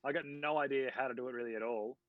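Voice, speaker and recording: Fast deadpan man, dry sound. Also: mid-range voice, no echo, phone-quality sound. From Australia. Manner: quick, deadpan quips. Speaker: podcast co-host. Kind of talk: casual chat.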